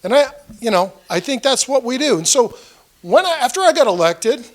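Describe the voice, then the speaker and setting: Very high-pitched and sing-song, a political candidate speaks a little fast at a small meeting of roughly 30 people. He tells stories acting out people's quoted words and asks the audience questions directly.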